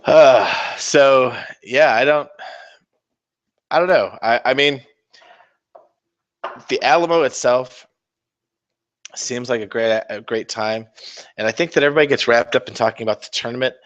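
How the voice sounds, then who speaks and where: Guy rambling on his painting stream, cusses a lot, mocks himself, mid-pitch voice. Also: a little slow, pauses often, fairly bright tone, highs cut off. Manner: rambling, profane, self-mocking banter. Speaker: miniature-painting livestream host. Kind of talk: casual live-stream chat while painting.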